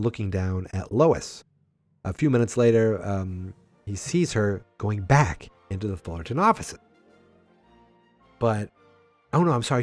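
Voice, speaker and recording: A man hosting a casual podcast, recapping an old comic book, acting out lines in quick voices with chatty asides. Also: medium pitch, no echo. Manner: animated, acts out character lines with voices, asides and fillers. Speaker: podcast host.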